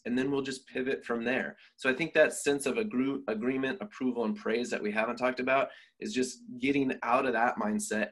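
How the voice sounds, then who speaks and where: Husky-voiced man musing on a podcast. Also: mid-range voice, fairly bright tone. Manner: reflective, thinks aloud with restarts. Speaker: podcast co-host, trainer. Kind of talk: conversational podcast talk.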